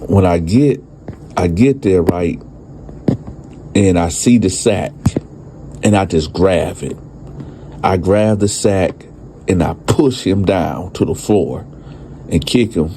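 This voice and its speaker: A man's voice: deep voice, slow pace, pauses often, mellow, slight background noise. A man telling a true crime story from his own life in a casual, profane style, talking to his listeners as y'all. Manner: profane street slang, addresses listeners as y'all. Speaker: storyteller and channel host.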